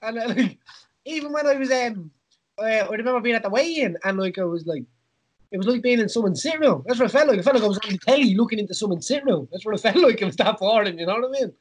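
Irish male host, husky high voice, rambling casual chat, laughs a lot. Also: expressive, quick pace. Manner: rambling, laughs often, many fillers. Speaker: podcast host, former fighter.

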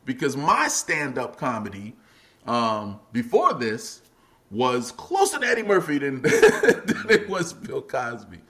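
A middle-aged man and comedian, a guest on a podcast, telling stories in a loose, chatty way and breaking into laughs as he goes. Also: slow. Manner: animated, acts out quotes in a much higher voice, laughs often. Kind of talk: casual podcast interview storytelling.

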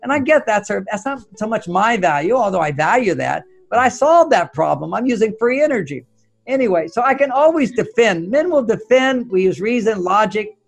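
An older man, a relationship author being interviewed, giving advice through animated stories and acting out what he and his wife said. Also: high-pitched, normal speed, vocal fry. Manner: acts out quoted voices of himself and his wife.

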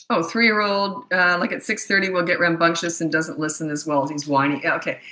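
A woman's voice: on the low side, steady tone, a little fast, hardly any pauses, sharp tone, reverberant, rough recording. A middle-aged woman coaching parents in casual talk, blunt and emphatic, acting out the lines she quotes. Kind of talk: casual advice answering viewer questions.

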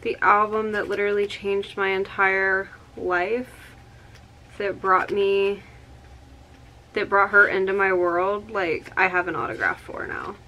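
A woman in her early twenties chatting through an excited unboxing vlog, gushing with many exclamations. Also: medium pitch, measured pace, dull audio. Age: 20s. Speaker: vlogger. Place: home room with outdoor yard noise.

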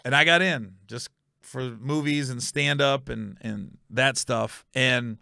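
A middle-aged man from Ohio hosts a comedy podcast, telling stories in an animated, emphatic way with quick asides and self-corrections. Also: mid-range voice, creaky, dry recording, studio quality. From Ohio, USA.

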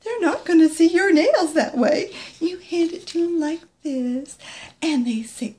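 A middle-aged woman, a nail product consultant, giving a chatty product demo and dropping into soft asides. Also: sits high, measured pace.

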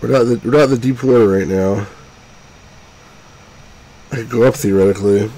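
A man's voice: lowish voice, a little fast, warm tone, poor audio. A man hosting a let's play, giving casual gameplay commentary, exasperated and swearing at the game.

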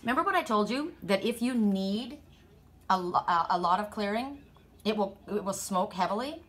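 A woman's voice: medium pitch, animated, normal speed, a bit bright. Rambling woman reading oracle cards. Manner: rambling, emphatic, many restarts. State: sore throat. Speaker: oracle card reader. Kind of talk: casual spiritual card-reading chat.

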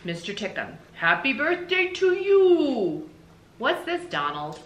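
A woman's voice: sits high, wildly swooping pitch, slow pace, echoey room, voice pushed up, full character voice. A woman reading aloud, voicing a puzzled, unimpressed wife in a storybook. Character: unimpressed middle-aged wife.

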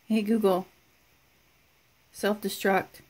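A woman speaks in an unhurried, drawn-out way as she reviews a gadget at home. Her voice sits mid-range, and she addresses the speaker with dry amusement. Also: mid-range voice, level tone, darkish tone, a little hiss or hum. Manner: talks slowly to a smart speaker, dry amused. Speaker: product reviewer.

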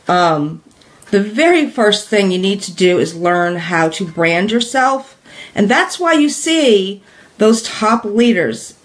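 A woman's voice: mid-range voice, expressive, slow. A woman teaching in a live stream, talking casually with many fillers, asking viewers questions, repeating her points and laughing lightly. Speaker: direct sales business coach.

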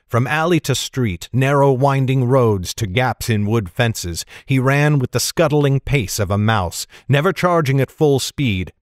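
Steady man narrating a fantasy story. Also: medium pitch, dry recording, clean studio sound. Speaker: audiobook narrator.

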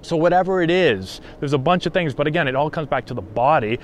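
A man's voice: fairly high pitch, expressive, quick pace, a little hiss or hum. Upbeat man coaching baseball hitting. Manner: conversational, frequent "right?" check-ins. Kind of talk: casual instructional talk to camera.

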